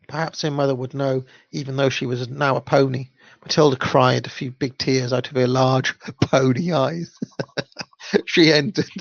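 A man with a gravelly, mid-range voice reads a children's story aloud, unpolished and occasionally tripping over a word. He seems amused by what he's reading. The recording is dull, dry and lo-fi.

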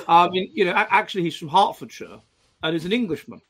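Man, London accent, stammering and repetitive in casual chat, slightly higher voice. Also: lively intonation, brisk, fairly bright tone, breathy edge. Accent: South London. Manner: stammering, repeats words often.

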